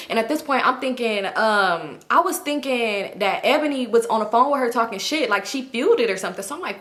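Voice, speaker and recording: A young woman telling a storytime tale to camera, animated and profane, laughing as she goes. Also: medium pitch, fast talker, hardly any pauses. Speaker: vlogger.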